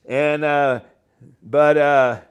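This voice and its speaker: Older man, high-pitched voice, rambling and halting delivery, chuckles between phrases, interview guest. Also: smooth. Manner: animated, halting, chuckles often. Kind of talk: rambling storytelling.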